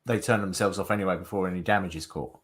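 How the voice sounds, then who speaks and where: A man's voice: low voice, very fast. A man co-hosting a podcast, joking casually and laughing often. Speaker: podcast co-host. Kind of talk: casual banter.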